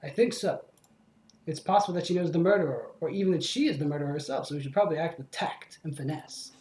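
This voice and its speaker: A man's voice: on the high side, fast talker, a little mellow, echoey room, lightly acted. A man reading a composed falcon attorney. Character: male falcon defense attorney, composed, tactful.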